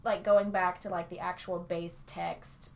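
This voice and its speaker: A woman's voice: on the low side, level tone, unhurried, gravelly, a little mellow. A woman co-hosting a library podcast in a casual, playful chat; she likes doing funny voices.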